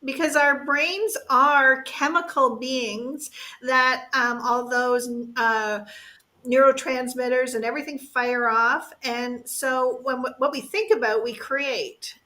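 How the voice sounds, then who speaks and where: High bright-voiced woman host, unhurried. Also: steady tone. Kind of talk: casual talk show conversation.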